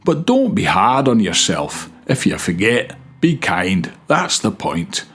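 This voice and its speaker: A man's voice: lowish voice, very animated, slow, fairly bright tone, breathy edge. Man in a put-on Scottish accent. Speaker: co-presenter. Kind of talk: reading advice in a comic audition voice.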